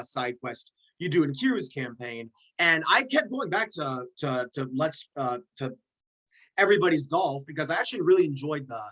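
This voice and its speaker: This host, sounding fairly bright at a medium pitch, chats casually while ranking fictional characters, wandering off on tangents and slipping in self-deprecating quips. The audio quality is poor.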